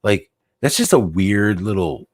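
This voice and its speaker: A man's voice: on the low side, expressive, unhurried, dry recording. A man hosting a casual talk show, rambling with many fillers and restarts as he thinks aloud.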